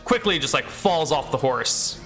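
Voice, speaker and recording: A man's voice: fairly high pitch, lively intonation, unhurried, fairly bright tone, soft background music. A man running a tabletop game as game master, narrating casually with lots of fillers.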